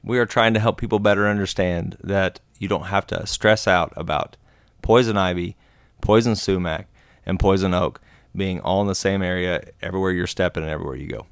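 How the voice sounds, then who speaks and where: A man with a very low voice chats on a podcast. He answers briefly, with a dry, sarcastic edge. The sound is close and dry, with no room echo. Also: a little fast, clean tone. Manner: brief, dryly sarcastic replies. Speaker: podcast co-host, outdoor skills instructor. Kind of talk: casual podcast chat.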